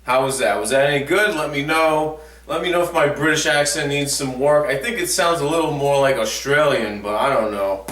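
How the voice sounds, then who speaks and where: A man's voice: on the high side, normal speed, hardly any pauses, a bit bright. A man giving a chatty, jokey recap of a boxing match as a vlogger. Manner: chatty and jokey, with many fillers. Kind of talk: casual sports recap. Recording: echoey room, mic at a distance.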